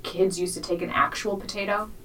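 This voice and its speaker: A woman's voice: mid-range voice, steady tone, sharp tone, distant mic, low-quality recording. A woman hosting a true crime comedy podcast, casual and cheeky, who swears as she jokes. She sits slightly off the mic. Faint background noise runs under her voice. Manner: swearing, quick, playful storyteller. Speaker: podcast co-host.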